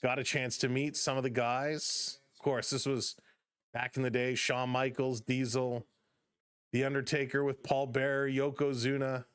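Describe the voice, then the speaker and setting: A middle-aged man from Canada hosting a live stream, giving play-by-play and chatting with viewers between pitches. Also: flat delivery, normal speed, smooth, no echo. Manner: chatty, reads viewer comments aloud between calls. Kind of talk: live play-by-play with chat reactions.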